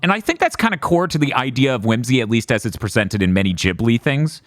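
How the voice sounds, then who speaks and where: A man's voice: medium pitch, animated, fast, fairly bright tone, dry recording, studio quality. A man co-hosting a casual podcast review, rambling and laughing often. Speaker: podcast co-host.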